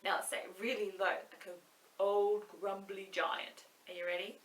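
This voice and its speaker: A woman's voice: mid-range voice, level tone, normal speed, slight background noise. A woman running an online story time for young children as a librarian, cheerful and sing-song, recorded in a library. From Australia. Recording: echoey room, mic at a distance.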